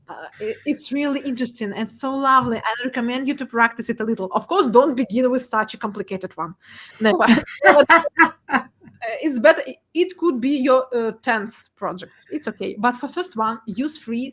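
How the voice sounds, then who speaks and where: A woman's voice: fairly high pitch, normal speed. Giggly woman presenting. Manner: laughs often, emotional, many fillers and restarts. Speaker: guest speaker, data artist. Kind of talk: presentation talk.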